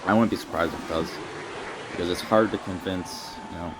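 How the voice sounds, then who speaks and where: Over background music, a young man from Canada speaks fairly quickly in a low-sitting, fairly level voice. The vlogger is ranting at the wind in a mock-serious, comedic way, rambling and leaning on plenty of fillers.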